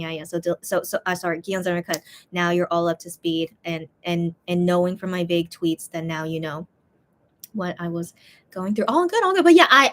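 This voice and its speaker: A woman streamer chatting casually while eating, reading viewer comments and rambling with lots of repeated words, tired and full. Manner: rambling, repeats words, lively swings in pitch.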